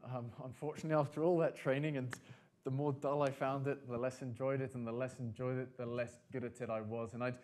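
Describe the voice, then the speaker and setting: A man's voice: mid-range voice, darkish tone. Chatty male conference speaker, middle-aged. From Britain and France. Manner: chatty, asks the audience questions, dry humor. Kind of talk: conference talk to a live audience. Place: conference hall.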